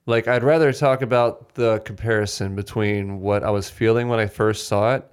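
A man co-hosting a podcast, chatting casually about a film in animated bursts with restarts. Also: fairly low pitch, moderate pace, smooth. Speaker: podcast co-host. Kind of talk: casual film-discussion chat.

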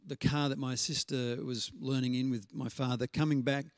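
A man preaching a sermon in a conversational storytelling way, slowing down to stress scripture references. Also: mid-range voice, little pitch movement, no echo, studio quality. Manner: conversational storytelling with frequent fillers and restarts.

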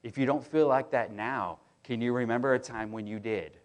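A middle-aged man preaching a sermon, talking in a casual, animated way and often restarting his sentences as he tells stories. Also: mid-range voice, moderate pace. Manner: conversational, animated storytelling with many restarts. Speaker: pastor.

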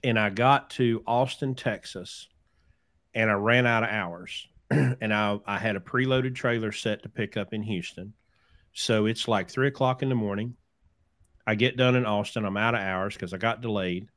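A man's voice: on the low side, normal speed, a bit bright. A man hosting a podcast, telling stories in a casual chat and acting out the people he quotes. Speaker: podcast host, trucking business owner.

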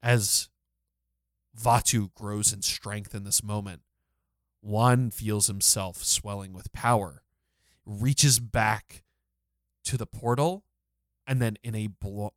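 A man's voice: on the low side, fairly even intonation, takes it slowly, pauses often, dry recording. A man co-hosting a podcast, retelling a scene in close detail with enthusiasm. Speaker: podcast co-host. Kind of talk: casual recap discussion.

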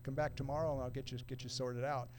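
A middle-aged man telling a long story in a relaxed, casual way, using surfer slang and acting out other people's quoted lines. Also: medium pitch, fast, slight background noise. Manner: laid-back surfer talk, acts out quoted voices. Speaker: podcast guest.

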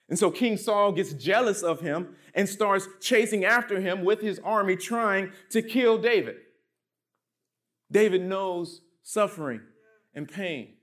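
A man preaching a sermon as pastor, reading scripture and pressing his points with emphatic drops in pitch and volume. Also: fairly bright tone.

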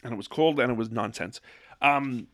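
A man's voice: mid-range voice, normal speed, creaky, a bit bright. A man in his forties from Canada, rambling through a casual solo monologue in his office, self-deprecating, often losing his train of thought. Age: 40s. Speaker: solo podcast host. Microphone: own microphone, sometimes moves off it.

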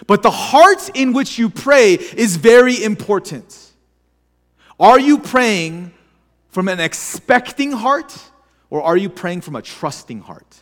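High-voiced male pastor in a reverberant hall. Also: a bit bright. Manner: conversational preaching with repeated restarts and acted asides. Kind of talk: sermon. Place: church sanctuary.

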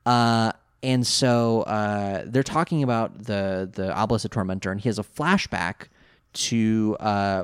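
A man with a lowish voice talks through an episode recap in a loose, rambling way, leaning on fillers and little laughs. The recording is dry and close, with no room sound. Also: clear, resonant tone, no room sound. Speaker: podcast co-host. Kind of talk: casual chat recapping an anime.

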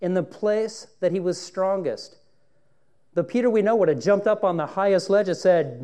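Male pastor, sermon, mellow tone, fairly high voice, dramatic hushed-to-raised delivery. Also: normal speed. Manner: acts out scripture dialogue.

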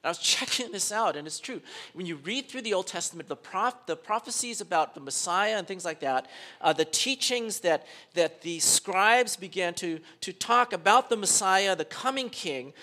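A man's voice: high-pitched, lively intonation, moderate pace, pushed and bright. A man preaching a sermon as pastor, conversational, with frequent fillers and restarts.

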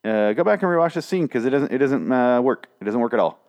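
A man's voice: mid-range voice, lively intonation, fast talker, a little mellow. A man casually recapping a TV episode, swearing and sarcastic, rambling with lots of restarts. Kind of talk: casual spoken recap and review.

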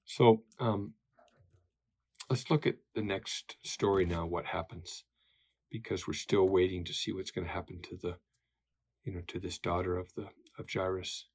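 Low husky-voiced male Bible teacher. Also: fairly even intonation, moderate pace. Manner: conversational, many fillers and tag questions. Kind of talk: Bible study lesson.

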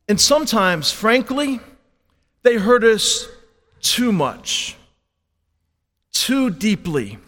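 A male priest reading the Gospel and then preaching a homily, speaking slowly and expressively with rhetorical questions, in a large church. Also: sits high, very animated, a bit bright. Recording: long church reverb.

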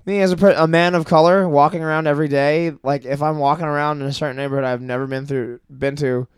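A young man chatting on a podcast, talking in an animated, ranting way and swearing freely. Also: on the high side, fast talker, clean tone, dry recording, studio quality. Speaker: podcast guest. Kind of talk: casual podcast chat.

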